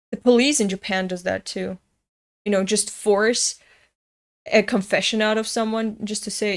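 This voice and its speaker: A woman's voice: medium pitch, fairly even intonation, normal speed. A young woman from Europe reading a comic aloud in casual commentary, ranting and swearing with indignation. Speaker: comic reader. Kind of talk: casual read-along commentary.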